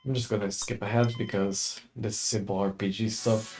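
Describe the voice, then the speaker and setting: A man's voice: on the low side, little pitch movement, moderate pace, a little mellow, soft background music. A young man chatting casually as he streams a game for the first time, laid-back and chuckling often. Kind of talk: casual let's-play commentary.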